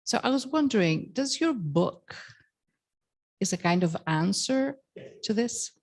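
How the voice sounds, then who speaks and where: A woman's voice: mid-range voice, animated, unhurried, a little mellow. A woman from Greece in the audience asking the lecturer a question, searching for her words as she wonders aloud.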